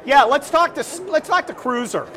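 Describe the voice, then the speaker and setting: A man's voice: extremely high pitch, expressive, a little fast. Joking man hosting amid a noisy crowd. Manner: loud, joking, calls out to passersby. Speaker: podcast host. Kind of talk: casual chat. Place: outdoors at a busy event. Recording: crowd and music behind. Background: crowd and music.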